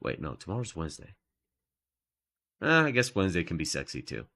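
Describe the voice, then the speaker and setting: A man with a low, deep-set voice hosts a casual live stream. His pitch swings freely up and down as he jokes and teases himself. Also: sing-song, a little fast, creaky, pushed and bright. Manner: playful, jokey, often laughing at himself. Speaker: host of a live art stream. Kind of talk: casual chat.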